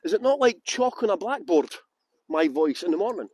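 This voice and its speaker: A Scottish man with a high, bright-pitched voice, chatting away in a loose, rambling, self-mocking manner. He is a tour guide greeting his viewers one by one while outdoors in a garden. The sound is close and dry, with no room echo. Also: big pitch swings, moderate pace, husky. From Scotland. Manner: rambling, self-mocking banter, laughs often. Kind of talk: chatty live-stream greetings before a tour.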